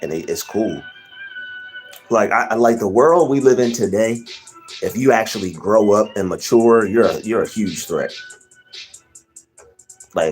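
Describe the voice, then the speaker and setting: A young man hosting a casual livestream, rambling and giving shout-outs to chatters by name. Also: fairly low pitch. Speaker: livestream host.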